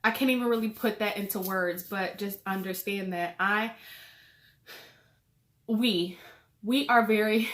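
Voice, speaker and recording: A young woman speaks to her viewers while crying, her words halting and full of fillers and repeats. Her voice sits at an ordinary middle pitch. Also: fairly bright tone. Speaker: vlogger. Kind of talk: emotional personal vlog.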